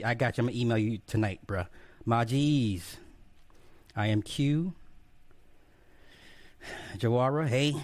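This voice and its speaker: An adult man hosts a casual livestream, joking around, swearing freely, and greeting viewers by name one after another. His voice is mid-range, and the recording is dry.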